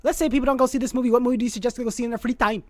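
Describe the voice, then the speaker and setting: A woman's voice: fairly high pitch, fairly even intonation, racing, no room sound. A woman co-hosting a podcast, telling a story in a casual chat, acting out scenes and laughing often. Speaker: podcast co-host.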